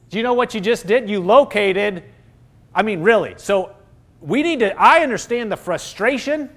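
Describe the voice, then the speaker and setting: A middle-aged man delivers a sermon in a notably high voice. He talks emphatically, slipping into fervent acted-out prayers and declarations of faith. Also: lively intonation, normal speed, fairly bright tone. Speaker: preacher.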